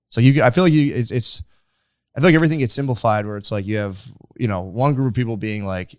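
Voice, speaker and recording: A man's voice: on the low side, fast, no room sound, clean studio sound. A young man hosting a podcast, chatting casually and rambling with lots of filler words. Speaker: podcast host. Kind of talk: casual chat.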